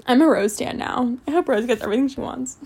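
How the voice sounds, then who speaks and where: A young woman reading fan fiction aloud with sarcastic, swearing, animated comedic asides. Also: high-pitched, fast, slightly rough. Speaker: comedic reader.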